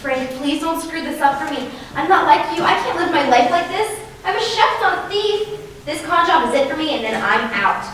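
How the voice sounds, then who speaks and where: A teenage girl playing a nervous, exasperated chef who keeps begging her partner to calm down. Her voice is high and comes from far off, in a very echoey school auditorium. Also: moderate pace, slight background noise. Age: teens. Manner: exasperated, pleading. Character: nervous, exasperated young female chef accomplice. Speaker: student actor. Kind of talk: high school stage comedy.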